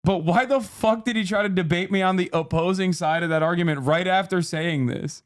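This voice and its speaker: A man hosting a live stream, reading chat messages aloud and reacting quickly with swearing and laughter. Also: high-pitched, no room sound, clean studio sound.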